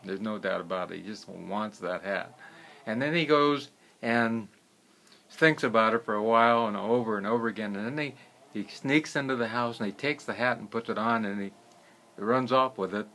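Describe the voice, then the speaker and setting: A herbalist telling stories in a casual, unhurried way, often trailing off into quieter phrases. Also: male voice, lowish voice. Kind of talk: casual storytelling.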